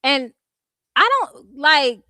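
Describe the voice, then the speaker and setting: Californian lady going off on trolls, high voice, cussing, dry close sound. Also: very slow, bright, forceful tone, no room sound. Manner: blunt, profane, laughing rants at trolls. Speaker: YouTube commentary host. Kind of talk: ranting commentary vlog.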